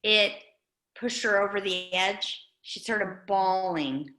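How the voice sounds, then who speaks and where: In a low-quality, roomy recording, a nonprofit director offers an earnest, conversational update as a guest speaker at a community meeting. Her medium-pitched voice is slow, pushed, and bright.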